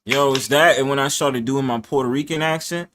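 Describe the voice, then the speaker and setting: A man's voice: medium pitch, a little fast, background noise. A man hosting a casual panel chat, boisterous and profane, laughing often and acting out the voices he quotes. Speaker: host of a live panel stream.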